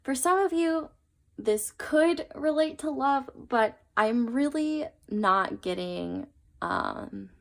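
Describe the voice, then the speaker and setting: A woman's voice: high voice, lively intonation, slow, creaky. A young woman giving a casual tarot reading to her viewers, chatty and earnest, with plenty of fillers and trailing asides. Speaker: tarot reader.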